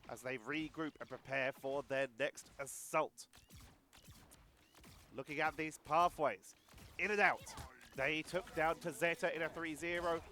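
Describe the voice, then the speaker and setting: A man casting a competitive video game match live, giving rapid play-by-play and chatting about viewer comments. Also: a little high. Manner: rapid excited play-by-play, talks to chat. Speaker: esports caster.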